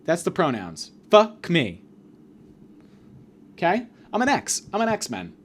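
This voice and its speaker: A young man hosts his own comedy podcast and rants alone in mock-grandiose bursts. His voice sits a little high and bounces lively up and down. He veers suddenly between loud and quiet. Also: slow pace. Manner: mock-grandiose ranting with sudden shifts in volume. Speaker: podcast host. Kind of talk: solo comedic monologue.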